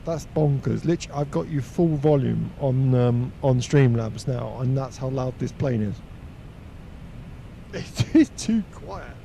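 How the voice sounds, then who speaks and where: A man chatting casually on a flight sim live stream, talkative and quick to laugh. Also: mid-range voice, animated, gravelly, mellow, a little hiss or hum. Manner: chatty, laughs easily, uses slangy exclamations.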